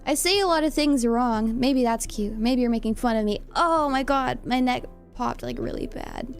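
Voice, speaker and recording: A young woman with a Californian accent chats casually with her viewers as a streamer. Her voice sits high and light, and she talks in a giggly, playful, self-deprecating way. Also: normal speed, creaky, soft background music. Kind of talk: casual chat reading live comments.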